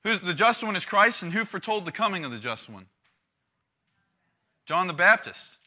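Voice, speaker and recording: A man preaching to a youth group in a lively, conversational way, acting out the quotes he reads with big swings in volume. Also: high voice, moderate pace. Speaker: youth pastor.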